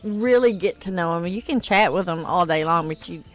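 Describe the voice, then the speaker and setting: A woman's voice: lowish voice, normal speed, faint music behind. A tired woman streaming a game, chatting casually and reading viewer comments aloud. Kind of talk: casual gameplay stream chat.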